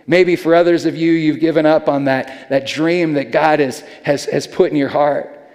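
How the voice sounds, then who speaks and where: A man's voice: a little high, fairly even intonation, normal speed, a little mellow. A man preaching a sermon as a pastor, talking in a casual, earnest way and often repeating words as he goes. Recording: long hall reverb.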